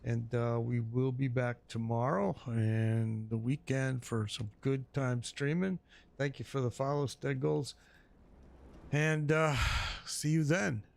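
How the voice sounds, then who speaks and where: A man streaming a game, chatting casually with viewers in a relaxed, repetitive way, his voice going a bit hoarse. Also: mid-range voice, a little slow. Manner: laid-back, repeats himself, chats to viewers. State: losing his voice. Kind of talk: casual live-stream chat.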